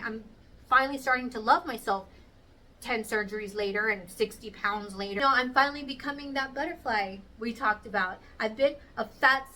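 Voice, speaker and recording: A woman in her thirties tells a story to camera in a casual, chatty way. Her voice is high and bright, and she jumps into the voices of the people she quotes. The mic sits a little away from her, with faint noise behind. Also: recorded from a distance, poor audio. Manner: animated, acts out quoted voices. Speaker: vlogger.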